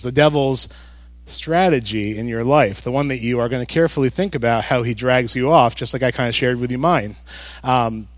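A male pastor preaches in a relaxed, conversational way, joking now and then and punching key words. His voice sits a bit higher than most men's. The sound is close and dry. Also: moderate pace, dry recording. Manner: conversational, joking, animated emphasis. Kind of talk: sermon.

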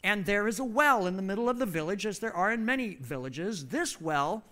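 A man with a fairly high, bright voice preaches an emphatic, story-driven sermon with lively intonation. He pauses between phrases to let an interpreter translate.

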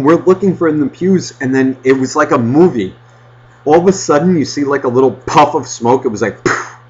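A man casually telling a rambling childhood story on a podcast, swearing constantly and getting animated. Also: a little high. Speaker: podcast host. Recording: dull lo-fi podcast audio.

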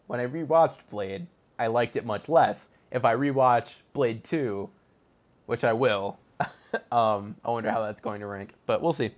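A man's voice: medium pitch, unhurried. A man co-hosting a podcast, joking and teasing his co-host and laughing often. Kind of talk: casual podcast chat.

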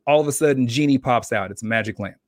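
Man, podcast co-host, casual chat, animated storyteller, mid pitch, dry close sound. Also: fast, no room sound. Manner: animated storyteller acting out characters.

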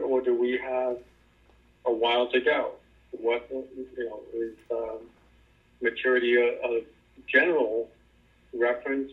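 A man in a Bible study group who reads scripture aloud and asks thoughtful questions. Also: mid-range voice. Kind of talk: reading scripture and asking questions. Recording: tinny phone line.

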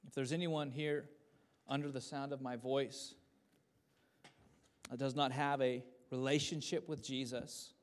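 A man in his thirties preaching a sermon at a church service, swinging between loud fervent passages and soft hushed ones. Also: mid-range voice, little pitch movement, unhurried, pauses often. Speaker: pastor.

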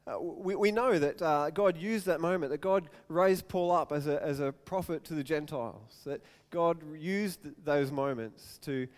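A man preaching a sermon, telling stories and acting out quotes in loud bursts. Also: moderate pace, hardly any pauses. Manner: storytelling, acts out quotes with sudden loud raised-pitch outbursts. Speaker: pastor. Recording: long hall reverb.

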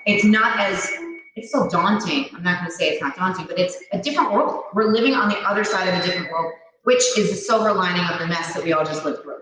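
A woman's voice: on the low side, fast, background noise. A woman co-hosting a live podcast in casual chat, speaking in a thoughtful way with frequent restarts. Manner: reflective, restarts often. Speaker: podcast co-host. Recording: echoey room, distant mic, crowd behind.

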